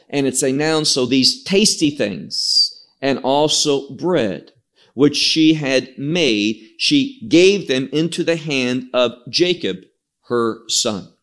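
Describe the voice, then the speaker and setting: A man teaching through a scripture passage in an expository sermon, explaining words emphatically. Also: medium pitch. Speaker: Bible teacher.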